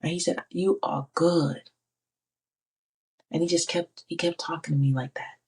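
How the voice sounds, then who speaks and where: Casting: middle-aged woman, low husky voice, emphatic testimony speaker who repeats phrases for weight. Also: steady tone, unhurried, darkish tone. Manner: emphatic, repeats phrases, quotes God in her own voice. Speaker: faith speaker. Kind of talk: personal testimony.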